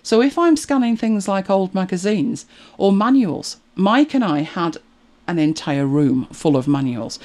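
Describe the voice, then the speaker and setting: A middle-aged woman chatting to camera as a video creator, animated and exasperated, laughing at herself. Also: fairly low pitch. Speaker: YouTube creator. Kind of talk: casual chat to camera.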